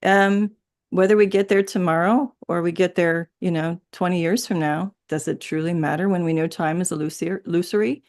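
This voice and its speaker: A woman's voice: lowish voice, fairly even intonation, fairly quick, darkish tone. A woman guest in a casual spiritual conversation, rambling and laughing often, with many restarts. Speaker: interview guest.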